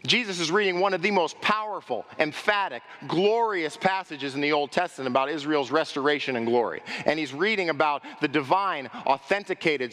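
A man preaches to his congregation with energy, often checking in with questions. His voice sits a little high. The sound carries a long, echoing reverb from the church hall. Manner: animated preaching, asks the congregation questions, acts out crowd voices. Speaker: pastor. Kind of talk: sermon. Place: church sanctuary.

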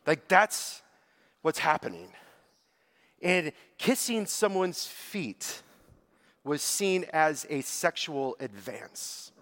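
A man with a high-pitched voice preaches a sermon, acting out the story with animated quotes. He talks in a casual, conversational way with plenty of filler words, and his pitch climbs when the scene gets exciting. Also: slow pace.

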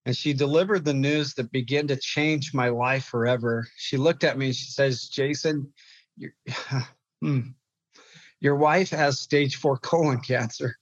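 A young man, a therapist, telling a painful personal story in an interview, halting and repeating words as he goes. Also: mid-range voice, fairly even intonation, no room sound, muffled recording. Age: young adult. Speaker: guest, clinical therapist.

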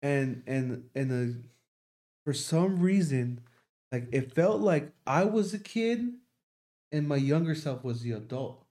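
A man's voice: mid-range voice, lively intonation, takes it slowly, dark tone. A young man in casual podcast talk, rambling through a long story with lots of swearing. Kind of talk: casual chat.

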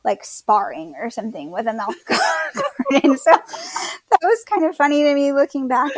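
A woman's voice: high-pitched, wildly swooping pitch, unhurried, no room sound. A young woman casually telling her birth story, chatty, quoting others and laughing at herself.

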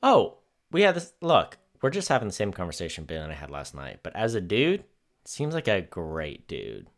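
A man's voice: deep voice, huge pitch swings, moderate pace. A man co-hosting a podcast in casual chat, talking in a rambling, laid-back way with plenty of fillers. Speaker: podcast co-host.

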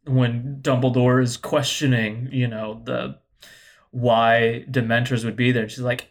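Expressive man reacting on a podcast. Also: medium pitch, unhurried. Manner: expressive, acts out his own reactions, many restarts. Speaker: podcast co-host or guest. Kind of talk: casual podcast film discussion.

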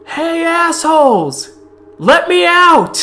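A storyteller voicing a furious, foul-mouthed young woman held captive, who yells insults, over background music. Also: extremely high pitch, sing-song, slow, slight background noise, voice pushed up, full character voice. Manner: shouting, insulting.

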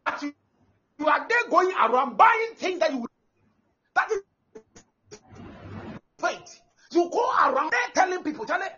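A man, preaching an animated sermon that breaks into shouting and laughter. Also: extremely high pitch, a little slow, long pauses. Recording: dull lo-fi live recording with faint noise.

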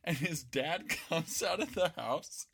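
A man's voice: fairly high pitch, animated, slow, creaky, fairly bright tone, slightly rough. A young man from Idaho, co-hosting a podcast, telling rambling stories in a laid-back, swearing, casual chat. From Boise, Idaho. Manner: laid-back storytelling, lots of swearing and laughs. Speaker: podcast co-host.

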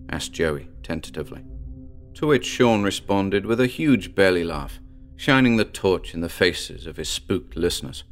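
Measured male storyteller, fairly deep. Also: lively intonation, soft background music. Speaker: narrator. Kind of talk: scripted narration.

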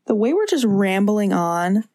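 A woman's voice: medium pitch, very animated, measured pace, darkish tone, no room sound, clean studio sound. A young woman co-hosting a casual movie podcast, rambling and agreeable, often trailing off mid-sentence. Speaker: podcast co-host.

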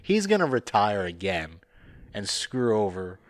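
A man's voice: fairly low pitch, big pitch swings, measured pace. A man hosting a casual sports podcast, rambling and joking, often breaking into laughter. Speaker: podcast host. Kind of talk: casual hockey chat.

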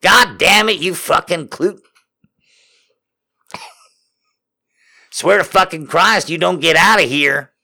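A man voicing a fussy woman who scolds someone for biting her cake, swearing loudly in a high voice. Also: normal speed, creaky, exaggerated voice. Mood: scolding. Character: fussy woman whose cake got bitten, shrill.

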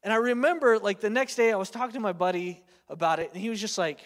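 A man's voice: high-pitched, animated, fast. A man in his thirties preaching a sermon in a chatty storytelling way, full of fillers and "right?" tag questions. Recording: long hall reverb.

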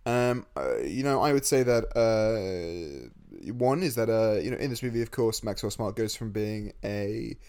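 A man's voice: fairly low pitch, lively intonation, unhurried, darkish tone, clean tone. A man co-hosting a podcast over a video call, chatting casually with wry, dry jokes. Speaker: podcast co-host. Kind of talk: casual movie chat.

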